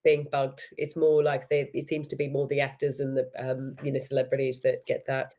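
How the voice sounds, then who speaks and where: A woman's voice: a bass voice, completely flat delivery, a little fast, warm tone. A woman from Australia with an accent between Australian and British, chatting casually as a guest on a video call and laughing often. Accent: Australian-British hybrid. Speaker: actor and guest. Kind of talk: casual chat.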